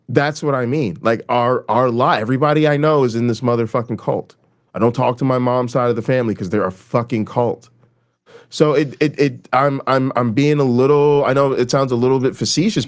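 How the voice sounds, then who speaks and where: A man hosting a casual podcast chat, ranting in a profane, animated way. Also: mid-range voice.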